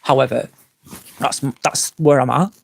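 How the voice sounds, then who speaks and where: A man in his forties hosts a live stream outdoors at night and is slurring after a few drinks. He talks in a frank, rambling way, swears freely, and answers viewers' comments in a middle-pitched voice. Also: moderate pace. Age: 40s. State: tipsy, slurring. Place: outdoors at night by a campsite fire pit.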